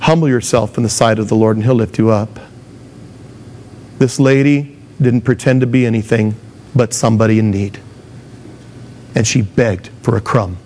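A man's voice: lowish voice, steady tone, normal speed, long pauses, a little mellow, slight background noise. A man delivering a sermon as a pastor, speaking with emphatic rises and acting out the words of the people he quotes.

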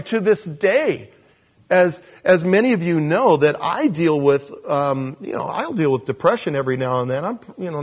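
Preaching with a fairly high, breathy-edged voice, a pastor delivers a lively, self-deprecating sermon. He chuckles as he goes and does voices for the people he quotes.

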